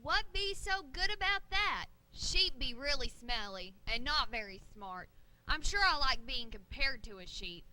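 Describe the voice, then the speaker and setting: A bragging puppet pirate captain, put on by a woman for a children's church show, full of "arr"s and stammers. The voice sits high and swoops up and down. Its tone is very bright and sharp. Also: expressive, unhurried, full character voice. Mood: indignant pirate. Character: boastful, hat-loving, dim-witted pirate captain puppet, female-voiced.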